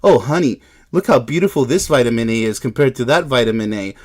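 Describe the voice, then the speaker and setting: A man's voice: medium pitch, fast talker, lightly acted. A man putting on the voice of a sappy, lovestruck partner who coos mockingly in scientific jargon. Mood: cooing mockery.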